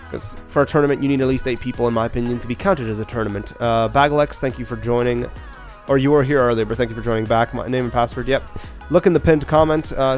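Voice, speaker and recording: A man chatting quickly and casually on a live stream, joking about himself while greeting viewers. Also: mid-range voice. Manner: fast-talking, chatty, self-deprecating. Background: faint background beats.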